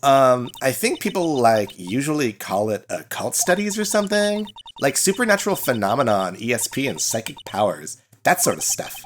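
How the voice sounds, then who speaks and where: A man's voice: big pitch swings, moderate pace, few pauses, slight background noise, lightly acted. A man voicing a bubbly, ditzy young female college student in a put-on Valley Girl accent, full of "like". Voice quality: high, breezy, filler-heavy "like" talk.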